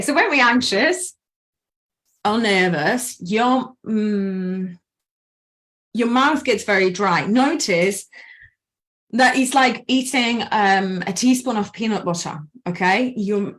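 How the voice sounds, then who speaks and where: A woman coaching on anxiety in a casual, animated talk, slowing down to count breaths and acting out anxious and calm inner voices. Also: medium pitch. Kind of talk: casual guided presentation.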